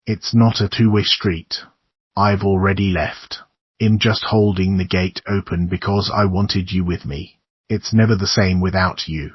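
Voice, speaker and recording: A man reads a young woman with an otherworldly coldness, coaxing and eerily calm. The voice sits low and husky, his own, in a dry, dull recording. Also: measured pace, no room sound. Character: young woman, cold otherworldly sister, calculating.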